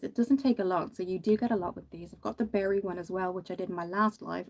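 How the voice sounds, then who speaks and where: She's an Irish makeup livestreamer, tired from just one hour of sleep, who reads viewers' comments and chats with them casually. Her voice is lowish, her accent Irish but not from a particular county and blended with some American. Sympathetic and chatty, she often lets sentences drift off quietly.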